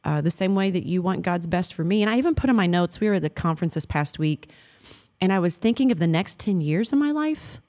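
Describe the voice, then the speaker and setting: A woman in her thirties speaks with earnest, affectionate warmth about faith and marriage, often breaking into a laugh. Her voice sits a little on the low side. She reads scripture aloud in a heartfelt conversational way. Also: lively intonation, quick pace. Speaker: co-host of a Christian marriage talk. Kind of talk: heartfelt faith-based chat.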